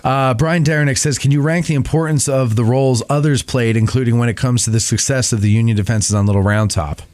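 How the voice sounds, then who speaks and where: Male host, mid pitch, reads viewer questions with small stumbles, dry close mic. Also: fairly even intonation, fast, a little mellow, no room sound. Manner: reads questions aloud, stumbles and corrects himself.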